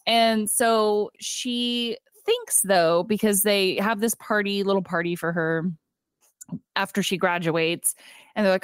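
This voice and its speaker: A woman's voice: medium pitch, steady tone, slow, clear, resonant tone, no echo, studio quality. A young adult woman co-hosting a casual movie podcast, chatty and retelling scenes with quoted lines. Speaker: podcast co-host. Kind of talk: casual movie recap chat.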